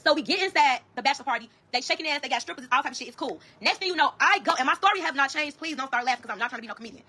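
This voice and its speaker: Speaking in rapid-fire bursts with a high-sitting voice, a Chicago-accented woman recounts a story for her viewers. Her retelling is blunt and profane, and she animates it by performing the quoted dialogue.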